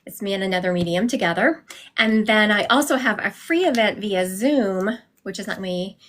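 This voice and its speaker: A woman's voice: mid-range voice, animated, normal speed, a bit bright. A middle-aged woman who works as a psychic medium, rambling chattily on a livestream from her home through a phone she carries around.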